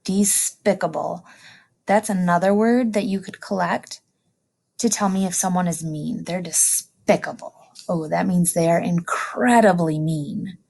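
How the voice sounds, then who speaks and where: A woman teacher giving a recorded lesson to young students, saying each new word slowly and clearly twice, with delighted exclamations. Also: on the low side, a little mellow. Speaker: elementary school teacher.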